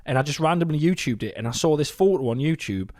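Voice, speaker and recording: A British man co-hosting a podcast, telling stories in a casual, sweary, animated way. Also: a little high, fast, dry recording, studio quality. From Britain. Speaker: podcast co-host. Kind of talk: casual chat.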